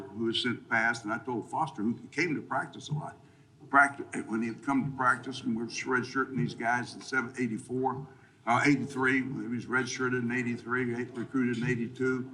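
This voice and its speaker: An older man, a retired football coach, speaks with a bright, forceful voice. He is blunt and folksy, joking along the way and rambling through names and years. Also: medium pitch, fairly even intonation, brisk, rough recording. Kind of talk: casual interview chat.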